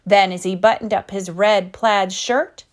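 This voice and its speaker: A woman teacher reading a children's picture book aloud, expressive and animated, swooping up and down as she voices the characters. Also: mid-range voice, unhurried.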